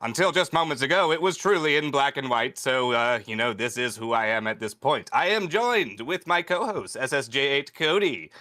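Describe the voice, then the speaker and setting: A man's voice: medium pitch, animated, moderate pace, hardly any pauses, sharp tone, no echo. A man hosting a podcast over an online call, laid-back and joking in casual banter. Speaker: podcast host.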